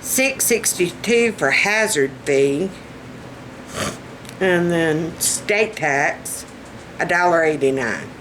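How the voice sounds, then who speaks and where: A woman's voice: fairly low pitch, animated, takes it slowly, pauses often, fairly bright tone, slight background noise, rough recording. A woman with a Southern US accent chatting to camera in a folksy, exclaiming way as a vlogger. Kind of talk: casual chat to camera.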